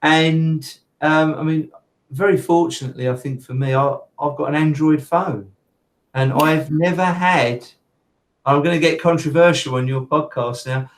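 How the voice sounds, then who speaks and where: A man's voice: fairly high pitch, measured pace, low-quality recording. A man talking as a podcast guest in casual conversation, rambling with fillers and restarts.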